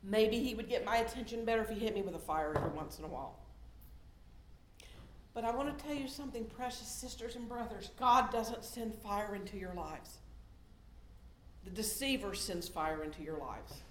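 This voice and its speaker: A woman's voice: medium pitch, moderate pace, slight background noise. Middle-aged woman preaching in a roomy church. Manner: conversational, shifting from loud emphasis to soft hushed tones. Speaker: lay preacher. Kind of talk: sermon.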